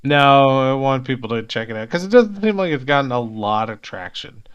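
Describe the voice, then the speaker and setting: A man's voice: mid-range voice, expressive, moderate pace, smooth, lo-fi sound. Podcast co-host guy, casual chat, short encouraging replies.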